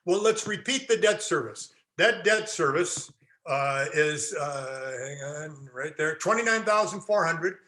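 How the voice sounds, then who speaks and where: A man's voice: fairly high pitch, animated, measured pace, pushed and bright. A man lecturing a classroom, quizzing his audience and answering his own questions with folksy jokes. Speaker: real estate instructor.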